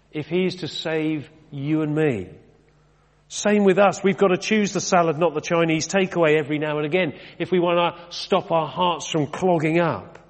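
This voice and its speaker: In a church with long reverb, a middle-aged British man preaches as vicar in a slightly high voice. He speaks in a chatty, conversational style, asking rhetorical questions and making wry remarks about himself.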